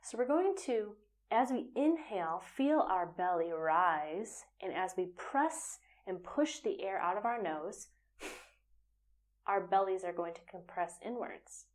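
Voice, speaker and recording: A woman teaching a yoga practice, giving calm, step-by-step spoken instruction and at times slipping into a breathy whisper. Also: mid-range voice, measured pace.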